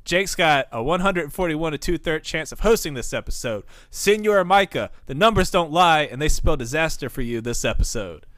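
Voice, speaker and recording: A brash, muscle-bound wrestler barks a boastful promo, as a man hams it up, stacking numbers with swagger. The voice sits a bit high for a man and sounds dry and close, with no room around it. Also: expressive, moderate pace, hardly any pauses, dry recording. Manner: boastful, loud, rattling off math.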